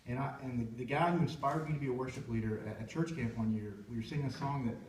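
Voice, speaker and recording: A man's voice: mid-range voice, fairly even intonation, fast talker, a little mellow, slight background noise. A young man, a worship leader, telling a heartfelt personal story in a rambling way with many restarts. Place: church sanctuary. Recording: echoey church room from far off.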